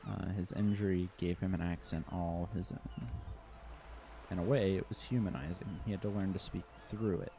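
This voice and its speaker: A man reading the lines of a composed, guarded woman who acts as liaison for hired mercenaries, in a calm, measured way. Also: sits low, creaky, a little hiss or hum.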